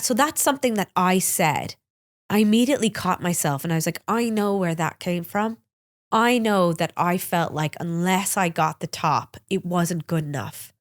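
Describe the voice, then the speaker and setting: A woman hosting a podcast, candidly telling personal stories in a chatty, open way, sounding a little congested and sniffly. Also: lowish voice. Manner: chatty, open, with frequent "like" and restarts. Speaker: podcast host.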